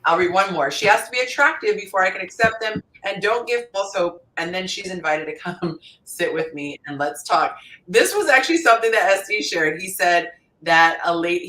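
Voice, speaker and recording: Bright-toned woman host, lively casual chat, roomy echo, off-mic. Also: fairly low pitch, moderate pace, far from the mic. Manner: animated, laughs often, reads listener answers aloud.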